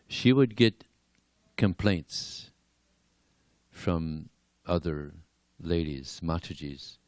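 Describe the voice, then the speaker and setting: A man giving a devotional class and telling stories in an animated way, chuckling now and then. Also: deep voice, clean tone, no room sound. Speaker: lecturer. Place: temple hall.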